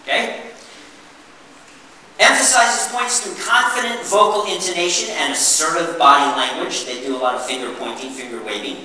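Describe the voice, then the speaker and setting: A man giving an interactive workshop presentation, animated and drawing answers from his audience. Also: high voice, slight background noise. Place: meeting room with an audience. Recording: echoey hall, mic far off.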